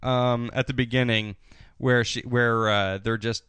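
A man's voice: medium pitch, fairly even intonation, a little slow, fairly bright tone, smooth, dry recording. A man co-hosting a casual film review podcast, rambling and swearing, acting out movie lines in silly voices. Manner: rambling, profane, acts out quotes in funny voices. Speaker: podcast co-host.

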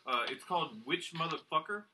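A man's voice: a little high, a little fast, slight background noise. A man hosting a casual party game among friends, explaining the rules and reading movie quotes. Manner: reads quotes in a flat monotone. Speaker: game host. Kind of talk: casual podcast game chat.

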